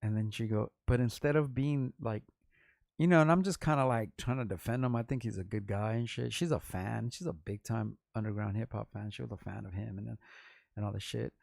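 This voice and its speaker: Gravelly-voiced man telling a rambling story. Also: lowish voice, brisk, no echo. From Los Angeles. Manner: rambling, profane, animated retelling with repeats. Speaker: vlog host, underground rapper. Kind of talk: casual storytelling.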